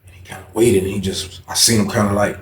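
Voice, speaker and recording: A man's voice: lowish voice, fairly even intonation, fast, echoey room, slight background noise. A man telling a casual, slangy, profane story, often repeating himself.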